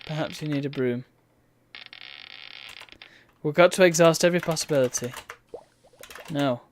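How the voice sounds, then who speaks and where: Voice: medium pitch, moderate pace, slight background noise. A streamer, chatting wryly and reading game text aloud while playing a retro game. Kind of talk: let's play commentary.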